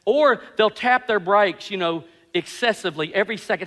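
A man preaching a sermon as pastor, telling stories with animated, self-mocking humor. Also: sits high, a little fast, hardly any pauses, long reverb tail.

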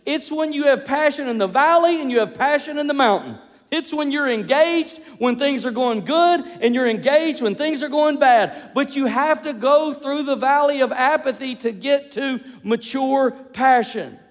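A man with a very high voice preaches a sermon. He is animated and acts out the voices of couples as he goes, and his words ring out with a long reverb like in a large hall. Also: moderate pace. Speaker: pastor.

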